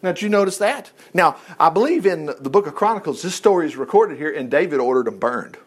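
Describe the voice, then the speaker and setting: A man's voice: a little high, animated, fast talker, breathy edge. A man teaching from the Bible in a chatty, folksy way, breaking off into asides and laughing at his own stories. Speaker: preacher.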